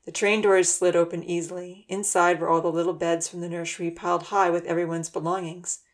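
Woman reading a kids storybook aloud, lowish voice, calm and steady. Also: a little fast. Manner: steady, gentle narration. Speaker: narrator.

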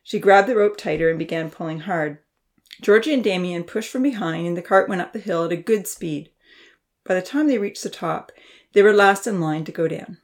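A woman narrating a children's storybook in an expressive, lively reading voice. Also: on the low side, normal speed.

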